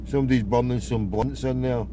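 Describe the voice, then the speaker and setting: A man's voice: mid-range voice, fairly even intonation, a little fast. Sweary Glaswegian man rambling over noise. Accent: Glaswegian Scottish. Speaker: prank caller, show host. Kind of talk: casual rambling monologue while phoning. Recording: noisy background with car sounds.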